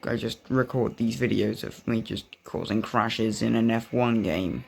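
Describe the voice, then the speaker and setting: A young male gaming creator talks casually over racing game footage, rambling and often wandering off on tangents. His voice is lowish and creaky, with a steady tone and a slightly slow pace.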